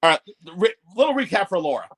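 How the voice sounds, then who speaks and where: A man's voice: high-pitched, very animated, fast. A man telling rambling, profane stories on a podcast, with lots of restarts. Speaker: podcast guest co-host. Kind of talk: casual storytelling chat.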